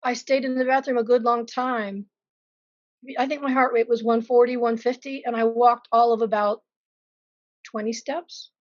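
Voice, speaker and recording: A woman with a somewhat high voice recounts her experience as a patient in a candid interview, frank and vivid, with wry self-deprecating asides. The sound is dry and a little dull, like a lo-fi recording. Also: fairly even intonation, normal speed, no echo. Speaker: patient sharing her story.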